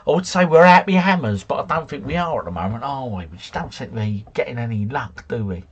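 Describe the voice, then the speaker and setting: Middle-aged man, livestream host, husky and lively, chatty and jokey, close desk mic. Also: medium pitch, fast talker, lo-fi sound. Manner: chatty, jokey, drifts off into tangents. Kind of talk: casual chat reading live comments. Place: home, drinking beer.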